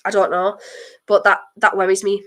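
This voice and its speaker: Excitable young woman streamer. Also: medium pitch, moderate pace. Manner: nervous, excitable, bursts into exclamations. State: blocked nose. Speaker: streamer hosting a football watchalong. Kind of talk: live football watchalong chat.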